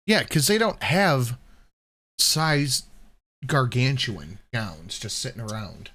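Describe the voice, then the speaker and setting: A man's voice: medium pitch, very animated, takes it slowly, pushed and bright. A man hosting a reaction commentary, sarcastic and skeptical. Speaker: commentary host.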